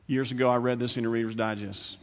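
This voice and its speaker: A male preacher giving a sermon, conversational and repetitive, swinging from loud, fast bursts to hushed, slow lines. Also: mid-range voice, steady tone. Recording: long hall reverb.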